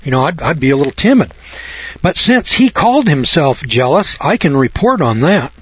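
A husky-voiced man talks through scripture in a rambling, folksy way, breaking off into chuckling asides and jokes about himself. The recording is dry and a bit dull. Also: a little high, very animated, moderate pace, no room sound. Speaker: Bible teacher.

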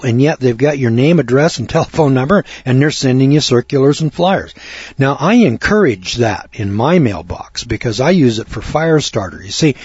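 Folksy older man, husky and muffled. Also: mid-range voice, no echo. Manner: folksy storytelling with frequent fillers and throat clearing. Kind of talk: rambling spoken monologue.

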